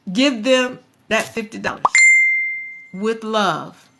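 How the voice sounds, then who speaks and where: A woman hosting a motivational live stream, talking in an animated, preachy way and speaking straight to her viewers. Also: on the high side, measured pace, very noisy.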